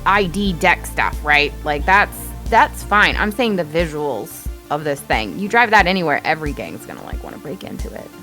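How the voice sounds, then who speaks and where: A woman playing a tabletop game, talking in an animated, rambling way. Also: low voice, faint music behind. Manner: animated, rambling, quick to laugh. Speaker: player. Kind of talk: casual tabletop play.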